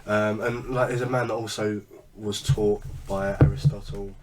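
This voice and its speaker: A man with a low voice chats loosely on a podcast, full of ums and restarts. He sits a little off the mic, with a faint hiss behind him. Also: fairly even intonation, normal speed, distant mic. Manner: rambling, many fillers and restarts. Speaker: podcast co-host. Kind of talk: casual chat.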